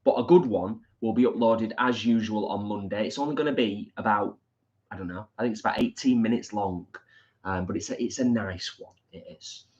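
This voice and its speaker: A man's voice: lowish voice, brisk, a little mellow. A man co-hosting a casual live-stream chat, reading out viewer comments over a dull, lo-fi recording. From England. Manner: chatty, reads out comments. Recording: dull lo-fi sound.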